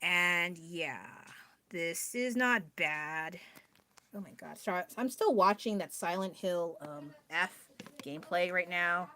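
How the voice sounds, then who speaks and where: Speaking slowly in a lowish, bright, forceful voice, a woman livestreams from indoors at home, rambling about her art and making self-deprecating jokes in a chatty way. She's using a phone mic.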